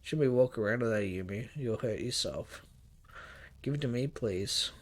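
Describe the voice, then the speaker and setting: A man voicing an eerily calm, possessive young woman who talks in a soft, flat, coaxing way. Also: medium pitch, moderate pace, natural voice.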